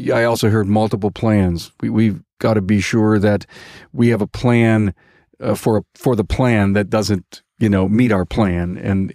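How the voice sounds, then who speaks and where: A man's voice: lowish voice, darkish tone, dry recording, studio quality. A man hosting a podcast, summing up the discussion with frequent fillers. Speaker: podcast host. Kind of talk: casual podcast wrap-up.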